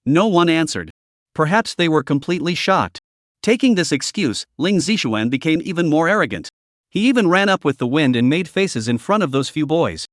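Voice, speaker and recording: A man narrating a story recap in a steady reading voice with stiff, literal phrasing. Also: a little high, moderate pace, no echo, studio quality.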